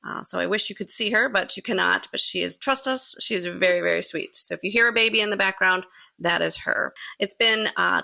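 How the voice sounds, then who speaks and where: A woman podcast host with a bright, gravelly edge to her voice. She talks in an enthusiastic, chatty way and keeps agreeing with her guest. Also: mid-range voice. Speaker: podcast host, Pilates teacher. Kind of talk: conversational interview.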